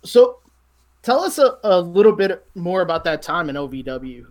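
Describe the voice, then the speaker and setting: A man's voice: sits high, very animated, normal speed. A man hosting a casual interview, easygoing and asking open questions. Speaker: podcast host.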